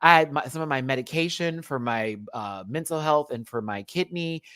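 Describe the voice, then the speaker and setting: A man hosting a casual live-stream review, chatty and sassy, calling viewers honey and child, often swooping up into high exclamations. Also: moderate pace, sharp tone, clean tone, no room sound, clean studio sound. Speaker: show review host.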